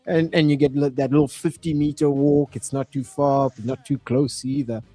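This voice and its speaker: A man's voice: medium pitch, fairly even intonation, normal speed, mellow, no echo, faint music behind. A man hosting a casual podcast, easygoing, reading viewer comments aloud with plenty of fillers. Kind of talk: casual chat.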